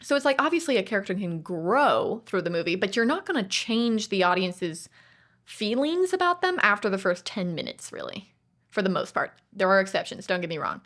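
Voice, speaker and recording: A woman's voice: mid-range voice, sing-song, brisk, a bit bright. A woman co-hosting a podcast, chatting casually about movies in a digressive way and acting out other people's lines. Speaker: podcast co-host.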